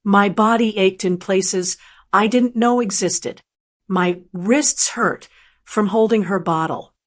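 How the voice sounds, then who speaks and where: An older woman narrates a first-person family drama with calm, measured delivery. Her voice sits at a middle pitch and keeps the storytelling steady.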